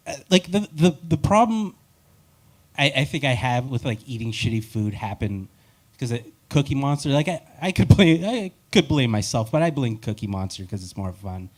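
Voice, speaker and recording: A man's voice: mid-range voice, very animated, moderate pace. A man doing a live stand-up set, telling rambling, wry and self-deprecating stories. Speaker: stand-up comedian.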